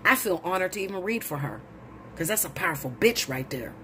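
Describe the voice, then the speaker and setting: Blunt, profane woman ranting, voice leaping high. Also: animated, a little fast, a little hiss or hum. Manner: blunt, profane, preachy, rising to shouts. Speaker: tarot reader. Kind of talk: heated monologue to camera.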